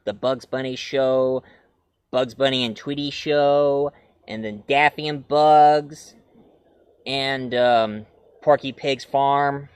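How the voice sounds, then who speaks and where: A man's voice: mid-range voice, fairly even intonation, slow pace, clear, resonant tone, no echo. A man reviewing classic cartoons in a rambling, casual way with many fillers. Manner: rambling, frequent fillers, breaks into cartoon voices.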